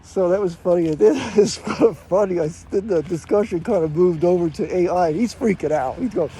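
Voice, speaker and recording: A middle-aged man tells a rambling anecdote in a casual vlog, filling pauses and chuckling to himself. His voice sits high for a man yet sounds soft and mellow. A faint noise runs underneath. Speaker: vlogger. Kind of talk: casual storytelling monologue.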